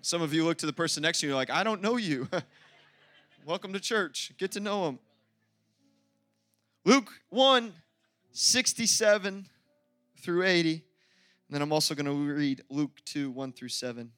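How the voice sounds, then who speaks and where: Bright high-voiced man preaching. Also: unhurried, long pauses, dry recording, faint music behind. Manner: energetic, exclamatory preaching with playful asides. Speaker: pastor. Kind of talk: sermon.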